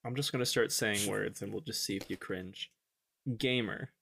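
A man's voice: fairly low pitch, normal speed, gravelly, fairly bright tone, slight background noise. A man co-hosting a casual podcast, joking around and riffing on words and names. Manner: jokey, riffs on words and names. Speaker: podcast co-host. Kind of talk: casual chat.

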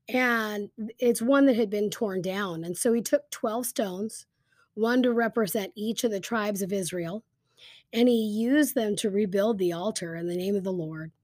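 A woman teaching a Bible story in a casual, lively storytelling way, with frequent fillers like "um" and "like". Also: mid-range voice, dry recording, clean studio sound.

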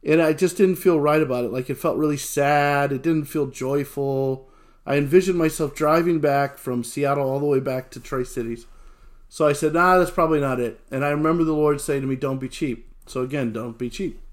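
A man telling a lively personal anecdote, acting out what people said and laughing along the way. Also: fairly high pitch, fairly quick. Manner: animated storyteller who acts out quotes and laughs often.

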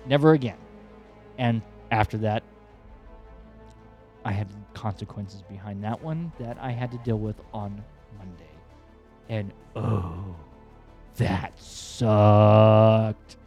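A man hosting a podcast, telling a personal story in a rambling, animated, profane way. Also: on the low side, a little slow, long pauses, lo-fi sound, soft background music. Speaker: podcast host.

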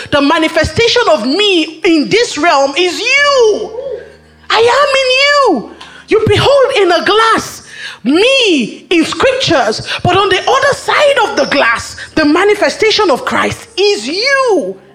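A woman voicing Jesus, speaking within a dream she recounts, in a rising, shouted proclamation. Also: very high-pitched, voice pushed up.

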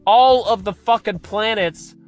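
A man's voice: sits high, unhurried, soft background music. A man hosting a podcast, delivering a profane comedic rant in an exasperated, swearing manner. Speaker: podcast host.

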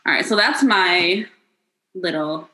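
A young American woman co-hosting a casual chat, playful and joking, swearing freely, with sudden high-pitched outbursts. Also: animated, takes it slowly, pushed and bright, poor audio. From United States. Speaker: podcast co-host.

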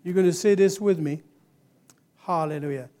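A man preaching a sermon to a congregation, leading them in call-and-response and rising to loud exclamations. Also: high voice, moderate pace. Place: church service.

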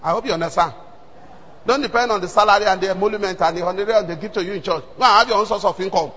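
Nigerian man, pastor's sermon, very high voice, husky edge, long echo of a hall. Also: rapid-fire. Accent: Nigerian, Yoruba-speaking. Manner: animated storytelling, swings between hushed and shouting.

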